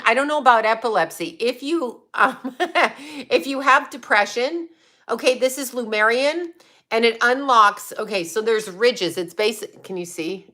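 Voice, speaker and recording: A woman's voice: a little high, pushed and bright. A woman hosting a casual livestream, answering viewers in a rambling, blunt and profane way. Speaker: psychic medium livestream host.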